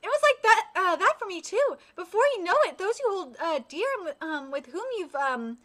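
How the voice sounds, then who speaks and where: Woman reading as a soft-spoken mysterious swordsman, kind and earnest, high and bright. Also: expressive, moderate pace. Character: mysterious young male swordsman, gentle and kind.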